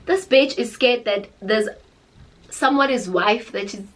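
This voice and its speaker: A young woman with a South African accent, telling a storytime tale in a dramatic, animated way. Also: a little high, a little slow, poor audio. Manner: animated, dramatic, code-switching into Zulu. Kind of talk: casual storytime chat.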